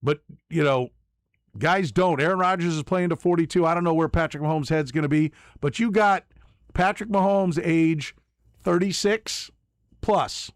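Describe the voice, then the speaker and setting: A man's voice: on the high side, moderate pace, no echo, clean studio sound. A man hosting sports talk radio, giving emphatic opinions and often repeating words as he starts a point. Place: radio studio. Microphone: studio microphone.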